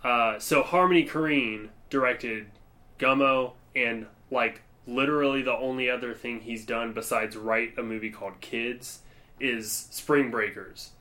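A man's voice: mid-range voice, steady tone, a little slow, sharp tone. Rambling young man in casual chat. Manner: rambling, filler-heavy, laughs often. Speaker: podcast co-host.

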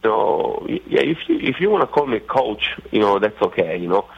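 A middle-aged man with an Italian accent speaks in a gravelly, fairly low voice. He halts and restarts often, filling gaps as he talks through a radio interview. The sound is dull and lo-fi. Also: sing-song. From Italy. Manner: halting, many fillers and restarts. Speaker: racing driver guest.

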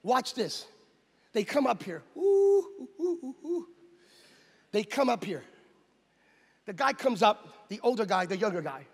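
Animated pastor in a reverberant hall. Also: male voice, high voice, normal speed, pauses often, husky. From United States. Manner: animated, acts out scenes and voices, loud exclamations. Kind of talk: storytelling sermon.

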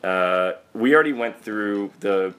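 Low-voiced man telling a rambling story. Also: unhurried, a bit bright. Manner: profane, rambling, wry. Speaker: podcast host. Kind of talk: casual storytelling chat.

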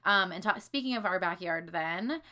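A woman's voice: lowish voice, animated, moderate pace, sharp tone. A young woman casually telling childhood stories, candid and rambling, with lots of fillers and free swearing. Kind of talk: casual storytelling of childhood memories.

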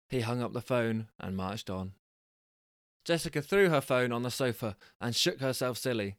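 A man's voice: medium pitch, normal speed, clear, resonant tone, dry recording, studio quality. A man who hosts a storytelling show, reading stories aloud and chatting with rambling, self-deprecating asides. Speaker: storyteller and host.

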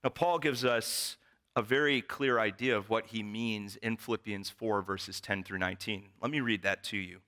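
A man's voice: fairly low pitch, steady tone, moderate pace, pushed and bright. A male pastor preaching a sermon in church, telling stories with wry humor.

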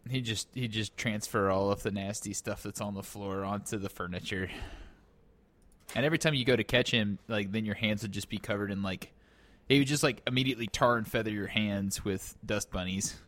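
A man's voice: on the low side, brisk, a bit bright. Joking man in casual chat. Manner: joking, playful teasing.

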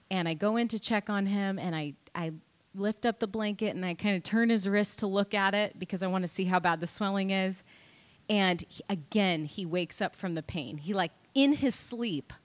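A woman's voice: mid-range voice, a bit bright. A woman in her thirties, casually telling a family story with many fillers. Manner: chatty, lots of fillers like "like" and "you know". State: pregnant. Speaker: mother sharing a family story.

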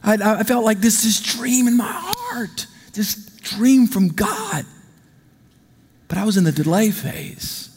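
A male pastor preaching a sermon in a large church. He is animated and conversational, and he calls out to the congregation for responses. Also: high-pitched, takes it slowly, a little hiss or hum. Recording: long reverb of a big hall.

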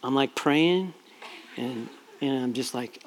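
A man's voice: mid-range voice, takes it slowly, slight background noise. A middle-aged man, a pastor, telling a personal family story in a chatty, self-deprecating way, full of fillers and restarts. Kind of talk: storytelling sermon.

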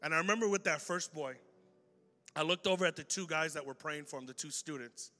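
High bright guy pastor, animated storytelling sermon, long reverb in a hall. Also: fairly quick, soft background music. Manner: animated, acts out dialogue in the story.

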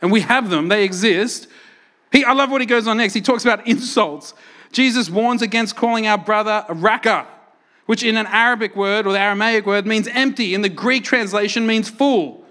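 A man preaching a sermon, telling stories and acting out quotes with lively energy. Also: high voice, moderate pace. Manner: animated storytelling, acts out quotes loudly. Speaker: pastor.

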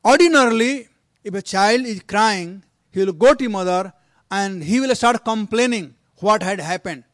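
A man's voice: sits high, normal speed, fairly bright tone, no echo, studio quality. A male preacher telling a story in a sermon, earnest and exhorting his listeners.

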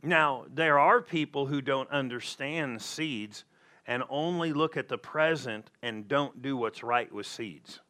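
A man's voice: mid-range voice, slow, pushed and bright. A man preaching a sermon in a conversational way, repeating his points for emphasis. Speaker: pastor.

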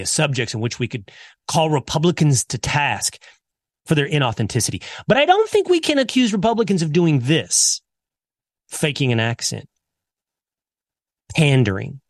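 A man's voice: mid-range voice, sing-song, normal speed, pauses often, no room sound, studio quality. A man hosting a podcast, delivering a scripted commentary segment with sarcastic, mocking emphasis. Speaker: podcast host.

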